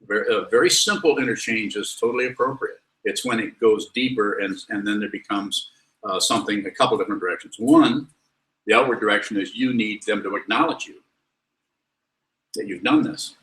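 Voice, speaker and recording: A lowish, bright and forceful male voice, blunt and wry as he lectures and answers students. The sound is roomy, with echo filling the meditation hall around him. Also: fairly quick. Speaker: Buddhist teacher. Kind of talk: dharma talk with questions.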